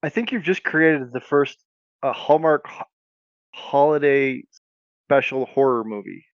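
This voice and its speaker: A man's voice: medium pitch, measured pace, no echo, highs cut off. A man co-hosting a comedy podcast in casual chat, often breaking into laughter and exclamations. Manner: reacts with bursts of laughter and exclamations. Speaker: podcast co-host.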